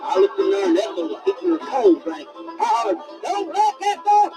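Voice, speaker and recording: High hollering country bumpkin witness, voice all over the place, music going underneath. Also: male voice, big pitch swings, normal speed, low-quality recording. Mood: excited. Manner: hollering, drawling storyteller. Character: excitable country man eyewitness. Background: music from a record.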